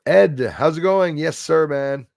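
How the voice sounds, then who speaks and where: A man's voice: a little high, slow pace, creaky, a little mellow, dry recording, clean studio sound. A man hosting a casual livestream, rambling bluntly and greeting viewers by name. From Canada. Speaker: livestream host reading chat. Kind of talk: casual live-stream chat.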